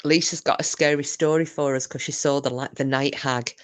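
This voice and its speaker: Reading viewers' comments out loud on her casual livestream, a Scottish woman chats back teasingly and swears mildly. She talks a little fast in a low voice with a steady tone.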